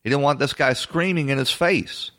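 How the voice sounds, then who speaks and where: A man hosting a political commentary show, talking bluntly and assertively in a halting way with frequent fillers and restarts. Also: mid-range voice, a bit bright. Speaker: host.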